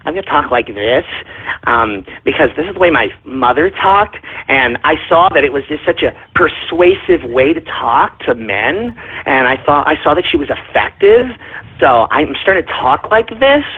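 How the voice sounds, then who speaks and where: Man putting on a soft simpering voice. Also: on the high side, animated, normal speed, husky, pitched below the performer's own voice. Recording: tinny phone line.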